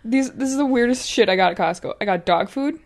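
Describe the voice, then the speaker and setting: Higher-voiced woman, chatty podcast host, swears a lot, laughs through her stories. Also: quick pace. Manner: swears freely, laughs often, animated storyteller. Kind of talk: casual chat, storytelling.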